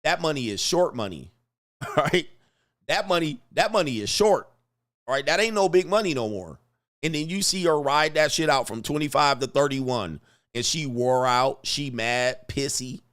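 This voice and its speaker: A man's voice: a little high, expressive, moderate pace, a bit bright. A man hosting casual commentary, brash and slangy, chuckling often and hammering his punchlines. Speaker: commentary host.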